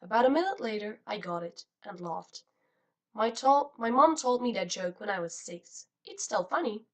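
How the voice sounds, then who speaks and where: A woman reading a novel aloud as an audiobook narrator, in an expressive, steady style. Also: mid-range voice, moderate pace, distant mic, low-quality recording. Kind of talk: scripted narration.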